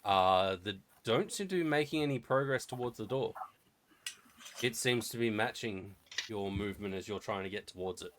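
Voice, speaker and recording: A man's voice: on the low side, moderate pace, a bit bright, slight background noise. A man narrating as game master in a casual, rambling way full of fillers.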